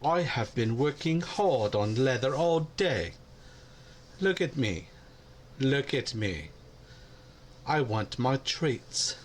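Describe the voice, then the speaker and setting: A man voicing his pampered female house cat, who whines slowly and sassily that she has earned her treats. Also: medium pitch, big pitch swings, slight background noise. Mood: whiny. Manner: whiny, sassy and slow.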